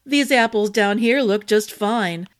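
A woman's voice: medium pitch, unhurried, close to an everyday voice. Lady playing a smug chuckling henchman guy, storybook sidekick. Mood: mocking. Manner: teasing, with a held-back chuckle. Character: young male henchman, mocking and amused.

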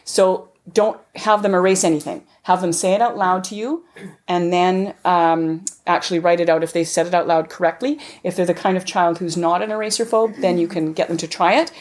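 Lively woman running a homeschool workshop. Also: on the low side, fairly quick. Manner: lively, acts out child dialogue with sing-song rises. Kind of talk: live workshop teaching.

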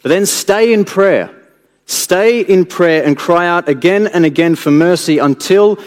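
A man preaching a sermon in an earnest way, building to emphatic peaks and then dropping low and soft. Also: a little slow. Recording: long hall reverb.

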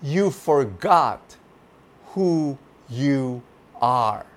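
A man voicing a wise bird that speaks slowly and knowingly, with a teasing, amused edge. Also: medium pitch, lively intonation.

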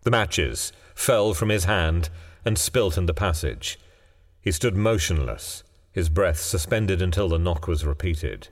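A man tells a chilling ghost story in a very low voice. His storytelling is hushed and suspenseful, with lots of rise and fall in pitch. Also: lively intonation, unhurried, long reverb tail. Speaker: narrator. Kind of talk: scripted narration of a ghost story.

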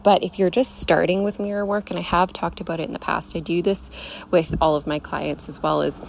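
A woman's voice: fairly low pitch, flat delivery, a little fast, vocal fry, slight background noise. A young woman hosting a podcast, giving an emphatic, casual motivational talk, swearing freely and calling the listener babe. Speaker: podcast host, coach.

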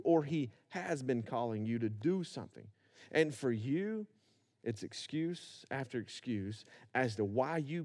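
A man preaching a sermon, acting out biblical characters and building to rhythmic repetition. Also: on the high side. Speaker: pastor.

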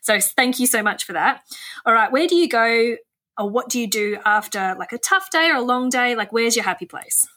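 A woman's voice: fairly high pitch, lively intonation, moderate pace, sharp tone. A woman hosting a podcast interview, chatting casually and responding with enthusiastic affirmations. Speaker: podcast host.

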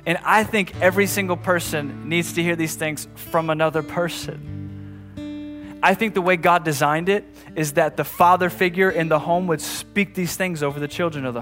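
A man's voice: a little high, steady tone, moderate pace, soft background music. A man preaching a sermon as a pastor in a conversational way, often restarting and repeating phrases, building to emphatic passages. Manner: rises to emphatic, louder passages.

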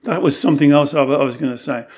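Male teacher-host, higher-set voice, earnest and explanatory, acts out quoted lines. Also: quick pace, darkish tone. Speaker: Taoist monk and podcast co-host. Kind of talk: reflective teaching talk.

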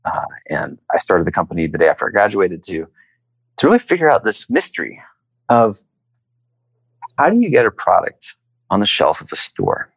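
A man with a low, gravelly, husky voice talks at a moderate pace, leaving long pauses. He's an entrepreneur being interviewed, lively as he tells his story and acts out the lines he quotes. The audio is poor but has no echo.

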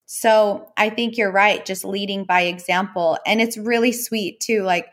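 A woman, a mother hosting a podcast, speaking in a warm, conversational way. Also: medium pitch, steady tone, unhurried. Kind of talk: casual podcast interview.

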